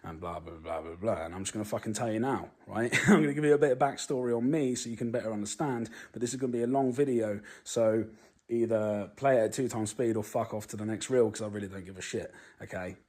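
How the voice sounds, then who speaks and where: A man's voice: mid-range voice, fast talker, a little mellow. A British man in his thirties giving a blunt, swear-filled monologue to camera. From Britain. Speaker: vlogger.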